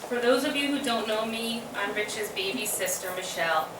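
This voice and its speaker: A woman delivering a memorial eulogy for her brother, telling fond, wry stories with soft laughs. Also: fairly high pitch, normal speed. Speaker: eulogist, sister of the deceased. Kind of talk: memorial eulogy read from notes. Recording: echoey room from a distant mic with ambient noise.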